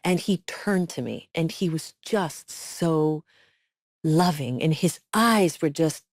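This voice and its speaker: A woman's voice: sits low, takes it slowly, no room sound, clean studio sound. A woman co-hosting a podcast, chatting casually and reacting expressively. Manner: expressive, warmly reactive listener. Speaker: podcast co-host.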